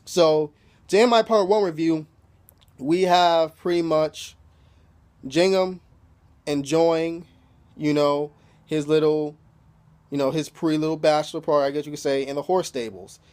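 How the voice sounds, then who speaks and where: A man in a laid-back spoken recap of a TV episode, his voice sitting a little higher than most men's. He talks loosely and swears freely, leaning on "you know" over and over and breaking into small chuckles as he retells scenes. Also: fairly even intonation, unhurried, long pauses, a little mellow. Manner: loose and profane, constantly says "you know". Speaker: TV episode reviewer.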